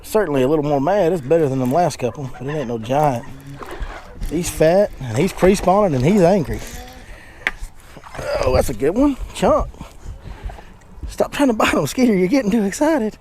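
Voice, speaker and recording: A man, a fishing guide giving excited commentary from a boat and chatting to his dog in baby talk. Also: on the high side, normal speed, pauses often, slight background noise. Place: on a boat on a lake, outdoors.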